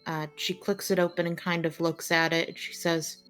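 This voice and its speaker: A woman narrating as game master in a relaxed, deliberate way. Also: lowish voice, clear, resonant tone, soft background music.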